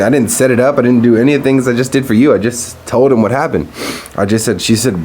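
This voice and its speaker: A man's voice: medium pitch, lively intonation, fast talker, darkish tone, slight background noise. A man hosting a solo podcast, talking loosely and profanely while smoking and telling stories. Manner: loose, profane, storytelling with laughs. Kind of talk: casual solo podcast rant.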